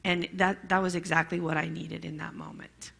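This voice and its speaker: A middle-aged woman telling her personal story to a class in a candid, emotional, halting way. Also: on the low side, level tone, creaky, a bit bright. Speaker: bereaved mother sharing her story.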